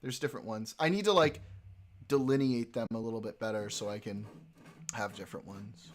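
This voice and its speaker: A man's voice: fairly low pitch, a little fast, slight background noise, voice pushed down, natural voice. A man doing a mock-proper British accent. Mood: jokey.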